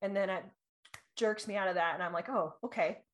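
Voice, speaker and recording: A young adult woman co-hosting a casual chat, bubbly and animated, laughing often and acting out her own past reactions. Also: medium pitch, brisk.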